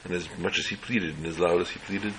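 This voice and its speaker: A man with a very deep voice tells an inspirational religious story. His tone is bright and forceful, and he delivers it in slow, measured phrases. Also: steady tone, slight background noise, rough recording.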